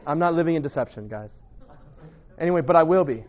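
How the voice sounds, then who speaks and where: A man preaching a humorous sermon, telling lively stories with playful asides and bursts of laughter. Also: a little high, fast talker, dull audio.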